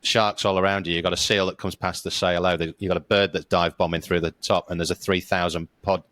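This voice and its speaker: A male podcast host, telling stories in a relaxed, casual way and swearing now and then. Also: sits low, fast, no room sound. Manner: relaxed storyteller, swears casually, says mate. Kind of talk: casual interview chat.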